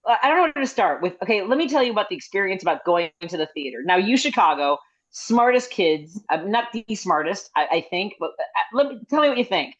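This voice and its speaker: A middle-aged woman comedian telling stories in a rambling, chatty way with quick asides, over a video call. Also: medium pitch, animated. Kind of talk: casual comedic storytelling. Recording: slightly dull video-call audio.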